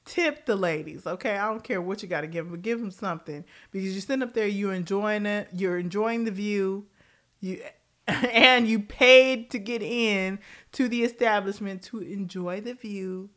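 A woman's voice: medium pitch, normal speed. Blunt, laughing woman host. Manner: blunt, profane, laughing, animated tangents. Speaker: commentary show host. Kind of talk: casual pop-culture commentary.

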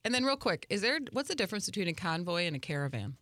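A woman co-hosting a morning radio show, bantering playfully and asking quick questions. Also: lowish voice, sing-song, fairly bright tone, no room sound, clean studio sound. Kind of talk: casual on-air banter.

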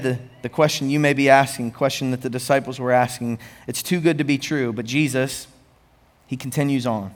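A man preaching a sermon as pastor, animated with rising emphasis and conversational asides to the congregation. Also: medium pitch, a little fast.

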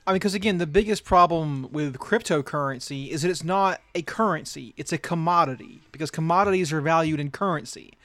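A man's voice: on the high side, brisk, few pauses, a bit bright, dry recording. A man co-hosting a casual podcast chat, ranting bluntly and swearing freely. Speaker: podcast co-host.

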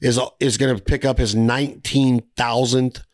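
A man hosting a podcast, rambling through a hunting story with quick restarts. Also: medium pitch, flat delivery. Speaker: podcast host. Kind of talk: casual podcast chat.

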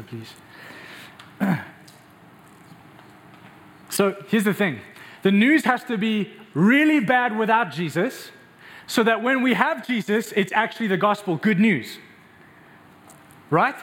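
A man's voice: high-pitched, fairly bright tone. A man preaching a passionate, emphatic sermon and speaking directly to his congregation in a church. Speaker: pastor.

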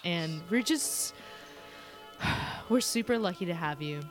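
Woman host: effusive, giggly, sing-song delivery, slow pace. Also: fairly low pitch, animated, over music. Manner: warm, effusive and giggly, using "dude" a lot. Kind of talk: casual chat.

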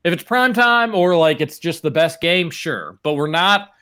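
Bright-voiced wry sports podcast man. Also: a little high, animated, a little slow. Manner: wry, opinionated, rambling. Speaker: podcast co-host. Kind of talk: casual sports chat.

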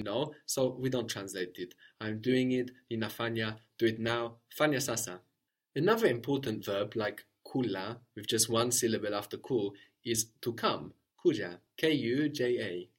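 A man's voice: mid-range voice, moderate pace. Patient man teaching a language lesson. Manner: patient, prompts and corrects, often ends with "no?". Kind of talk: guided spoken language lesson.

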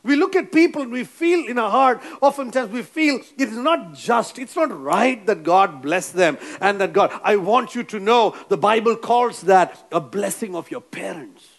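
A man's voice: high-pitched, expressive, moderate pace, vocal fry, hardly any pauses. A man preaching a sermon, emphatic and repetitive, who keeps prompting the congregation to answer back. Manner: emphatic, repeats phrases, prompts the congregation for amens.

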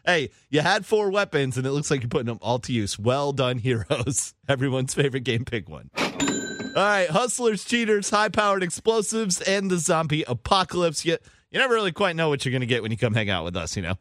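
Man, podcast host, animated upbeat delivery, dry close sound. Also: medium pitch, fast talker, hardly any pauses, no echo. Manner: laughing, upbeat, wrapping up the show. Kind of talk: casual podcast chat.

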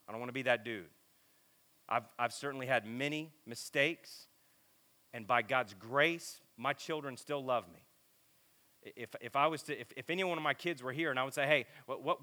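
A middle-aged man preaching a sermon in a casual, animated, self-deprecating storytelling way. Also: mid-range voice. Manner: animated, self-deprecating, lots of filler and repeats.

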